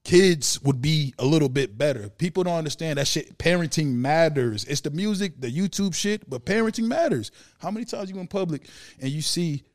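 Male podcast host, fairly high voice, profane, emphatic, repetitive. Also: animated, moderate pace. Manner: emphatic, profane, repeats words. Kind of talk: casual chat.

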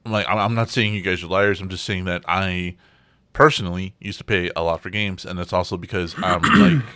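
A man hosting a podcast in casual chat, swearing and ranting with animated energy. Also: low voice, brisk. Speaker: podcast host.

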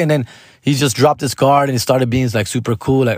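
Comic dude telling a story, swears a lot, calls you fool, dry close sound. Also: male voice, medium pitch, brisk, no room sound. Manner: slangy and profane, calls listeners "fool" and "dog". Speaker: stand-up comedian. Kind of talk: casual storytelling.

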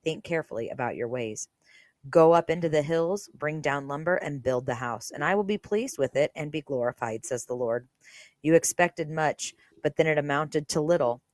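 Woman podcaster with a low voice, reading the Bible aloud with earnest, casual commentary, recorded dry and close. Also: moderate pace, darkish tone, dry recording. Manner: earnest, conversational, many fillers. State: briefly emotional.

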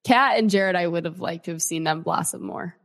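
A woman co-hosting an interview, asking eager questions and reacting excitedly to stories. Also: fairly low pitch, fairly quick. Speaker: podcast co-host. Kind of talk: casual interview chat.

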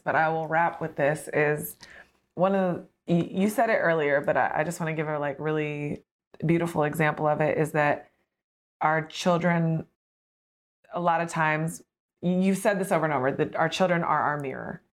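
A woman host with a somewhat low voice tells a personal story. She talks in a loose, conversational way, often laughing, stopping mid-sentence and starting over. She sounds like someone in her thirties chatting openly with a guest. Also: normal speed. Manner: animated, laughing, frequent fillers and restarts. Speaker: podcast host.

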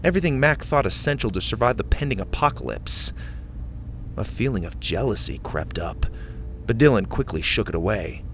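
A man reading a scripted story aloud as narrator, with a steady storytelling delivery. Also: fairly low pitch, normal speed, a little hiss or hum.

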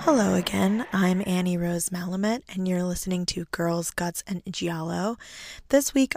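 A raspy, hoarse woman hosting her own podcast alone, speaking in an earnest, enthusiastic way. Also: on the low side, no room sound, studio quality. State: hoarse from laryngitis. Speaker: podcast host. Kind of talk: solo podcast monologue.

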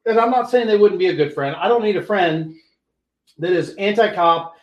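Pria bersuara tinggi bercerita dengan bersemangat. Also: male voice, sits high, normal speed, muffled recording. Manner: animated storyteller, acts out voices, swears freely. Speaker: podcast co-host, police officer. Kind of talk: casual storytelling chat. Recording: roomy echo.

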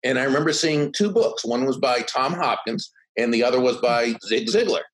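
A man in his sixties, a podcast guest, telling stories in an animated way and acting out quotes. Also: medium pitch, normal speed, low-quality recording. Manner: animated, does voices when quoting others. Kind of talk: conversational storytelling.

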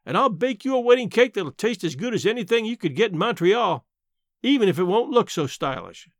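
A man voicing a blunt, sharp-tongued old countrywoman aunt in a story reading, dry and matter-of-fact, with plain country talk. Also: high voice, animated, fairly quick, no room sound, voice pushed up.

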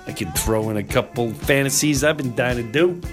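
A man hosting a podcast, telling a personal story in an earnest, animated way and slipping into voices for the people in it. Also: mid-range voice, a little fast, over music. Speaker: podcast host.

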